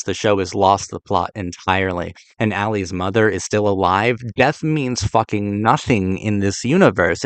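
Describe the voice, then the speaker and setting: A man's voice: deep voice, creaky, fairly bright tone, no room sound. A man hosting a video essay who talks about television bluntly, with an exasperated tone and frequent fillers and restarts. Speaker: TV critic and channel host.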